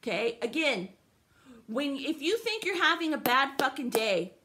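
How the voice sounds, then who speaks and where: A woman's voice: sits high, very animated, measured pace, pushed and bright. A young woman venting in an angry, profane, sarcastic rant to the camera, upset and livid. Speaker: vlogger.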